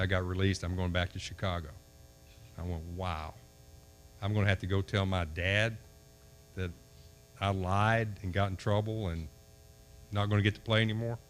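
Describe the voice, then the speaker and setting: A man's voice: fairly low pitch, a bit bright. An older man from Kentucky gives a storytelling speech at a banquet, acting out the voices in his anecdote. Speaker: banquet speaker.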